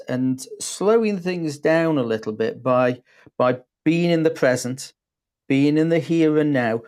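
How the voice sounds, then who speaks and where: A man hosting a casual online chat about sales, talking in a halting way with many restarts. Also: medium pitch, darkish tone. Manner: hesitant, many restarts and fillers. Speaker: host.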